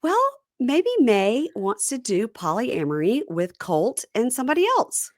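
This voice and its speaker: A woman hosting a podcast chats casually as she recaps a reality show, acting out the cast's lines like an animated storyteller. Her voice is a little high and a little slow, recorded at studio quality with no room sound.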